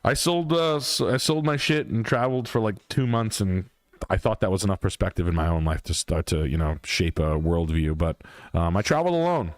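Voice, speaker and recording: A man's voice: deep voice, expressive, a little fast, no echo. A man hosting a livestream, ranting bluntly and profanely in a casual, emphatic way. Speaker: livestream host.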